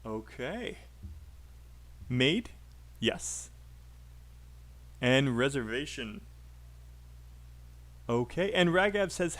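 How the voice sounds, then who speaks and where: A man's voice: mid-range voice, expressive, very slow, pauses often, fairly bright tone. A man teaching English pronunciation on a live stream, chatty and encouraging, calling out names from the chat.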